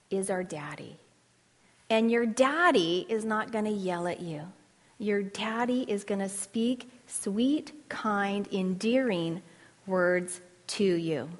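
Woman preaching real slow and earnest, big echoey hall. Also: mid-range voice. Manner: earnest, slow and emphatic with dramatic pauses. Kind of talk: sermon. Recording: long hall reverb.

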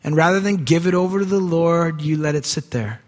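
A male pastor preaching a sermon in a church, conversational, swinging from quiet asides to raised emphasis. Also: fairly high pitch, a little fast. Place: church sanctuary. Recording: long hall reverb.

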